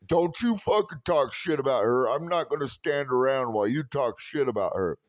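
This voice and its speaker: A man's voice: medium pitch, animated, moderate pace, dry recording, studio quality, lightly acted. A man mimicking a rude, touchy male train snack bar worker who talks indignantly and defensively.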